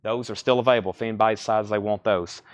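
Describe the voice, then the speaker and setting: A man hosting a live-streamed record sale, listing records and prices in rapid, brisk sales patter. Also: fairly low pitch, fairly even intonation. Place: record store.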